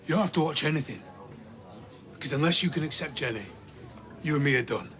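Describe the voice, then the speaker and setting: Guy acting young lad, quick-talking, defensive and broody, tv drama. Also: on the high side, a bit bright, faint music behind, lightly acted. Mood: defiant. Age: young adult. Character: defensive young man doubting his engagement.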